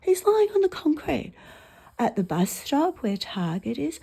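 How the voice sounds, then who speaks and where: A middle-aged woman with an Australian accent does stand-up, telling rambling stories and swearing freely, swinging between loud outbursts and murmured asides. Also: high-pitched, big pitch swings, measured pace, creaky. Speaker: stand-up comic. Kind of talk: stand-up storytelling.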